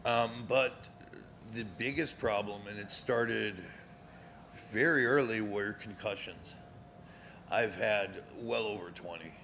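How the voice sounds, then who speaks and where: A man's voice: on the low side, slow pace, pushed and bright, slight background noise. A man in his fifties from Connecticut, a former pro wrestler guesting on a live show, telling stories in a rambling, profane way with many fillers. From Connecticut, USA. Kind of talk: casual storytelling. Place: cigar lounge, live show.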